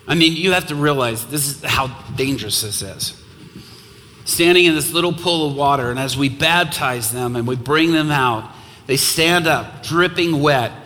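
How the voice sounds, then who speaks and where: A man preaches with a bright, forceful, somewhat high voice, telling stories and rising to loud, impassioned exhortations. His voice rings through a church sanctuary with long reverb. A faint noise sits underneath. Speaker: guest preacher. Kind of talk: sermon with storytelling.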